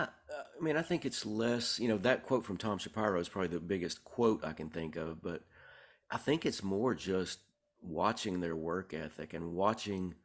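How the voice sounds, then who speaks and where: Very deep-voiced man telling stories. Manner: relaxed, rambling, many fillers and restarts. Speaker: songwriter guest. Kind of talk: conversational interview storytelling.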